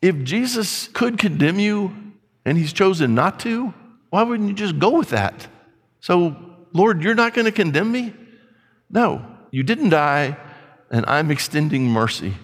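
A man's voice: high-pitched, very animated, a little slow, big-room sound. A man preaching a sermon in an emphatic, conversational way, asking rhetorical questions.

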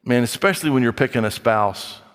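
A middle-aged man preaching a sermon as pastor, blunt and scolding, with animated delivery. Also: mid-range voice, brisk, clean tone. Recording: long hall reverb.

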